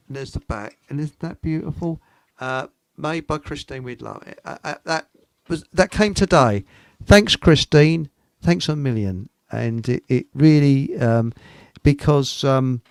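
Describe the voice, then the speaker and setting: A middle-aged man hosts a live online show, rambling and joking casually and laughing at his own jokes. His voice is medium-pitched with a darkish tone and no room sound.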